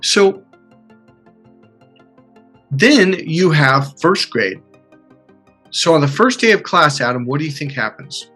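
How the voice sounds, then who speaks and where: A man coaching a client in an animated way, acting out quotes and swearing casually. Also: on the high side, takes it slowly, pauses often, husky, soft background music. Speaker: life coach. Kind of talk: coaching session.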